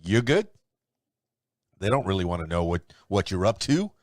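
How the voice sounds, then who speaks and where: A man with a low voice hosts a solo podcast. He rambles and chuckles in a loose, conversational way, and his pitch moves up and down a lot. The sound is close and dry. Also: lively intonation, quick pace, darkish tone, dry recording. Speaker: podcast host. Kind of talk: solo podcast commentary and news rundown.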